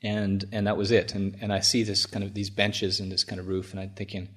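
A man with a low voice, a Buddhist monk, tells a story to his listeners. He chuckles throughout and often stops and restarts his sentences. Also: completely flat delivery, a bit bright. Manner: chuckling, halting with many restarts. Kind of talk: storytelling talk.

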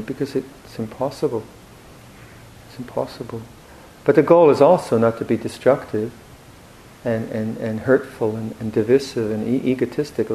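A man giving a Buddhist dharma talk in a reflective, gently humorous way, with hesitant restarts. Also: medium pitch, slight background noise, low-quality recording. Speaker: Buddhist monk teacher.

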